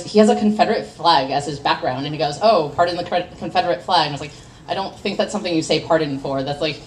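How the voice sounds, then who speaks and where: A young woman poet with a low voice performs spoken word at a café open mic, switching between awkward self-deprecating chatter and impassioned verse. She is picked up from across the room, with a faint hum of ambience underneath. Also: recorded from a distance, low-quality recording. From United States.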